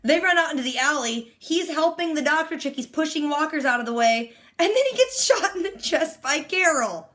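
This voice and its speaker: A woman giving a casual, animated recap of a TV episode in slangy, excitable storytelling. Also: high-pitched, normal speed, hardly any pauses. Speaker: TV reaction host.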